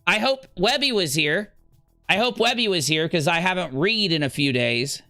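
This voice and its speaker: A man hosting a livestream, ranting casually in a rambling, animated way. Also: moderate pace, no room sound, soft background music. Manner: animated, rambling, breaks into high squeals. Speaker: livestream host.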